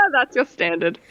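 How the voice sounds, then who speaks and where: A woman's voice: extremely high pitch, bright, forceful tone, a little hiss or hum. A woman with an Australian accent in casual banter as a co-host, teasing and sarcastic, laughing a lot. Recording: dull lo-fi dry mic.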